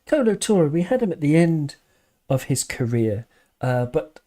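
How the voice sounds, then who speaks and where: A man's voice: a little high, big pitch swings, measured pace, mellow. A man hosting a live fan stream, chatting loosely and thoughtfully, with frequent restarts and chuckles while reading viewer comments. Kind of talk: casual live-stream chat.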